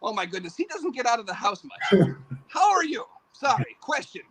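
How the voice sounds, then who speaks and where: A man's voice: extremely high pitch, very animated, moderate pace, very noisy. An older man, a show host, chatting as a podcast guest in a rambling, self-deprecating way. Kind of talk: casual podcast chat.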